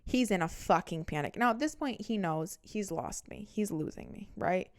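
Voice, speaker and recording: A young woman in her twenties tells a messy breakup story on her vlog. She swears freely and performs each moment with animated, dramatic flair. Her delivery is brash and conversational, like gossip shared with a friend. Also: mid-range voice, moderate pace. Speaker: vlogger.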